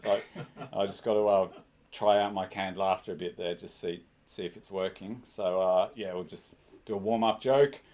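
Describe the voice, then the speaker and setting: A man's voice: low-pitched, fairly even intonation, normal speed, darkish tone. A man doing a stand-up comedy set, awkward and self-mocking, who keeps laughing at his own jokes. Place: small comedy club.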